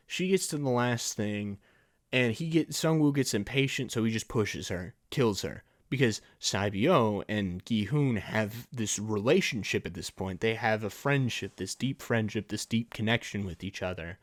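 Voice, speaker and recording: A man's voice: mid-range voice, expressive, measured pace. A man hosting a solo film and TV review podcast, talking casually and ranting in exasperation, with laughs between points. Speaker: podcast host.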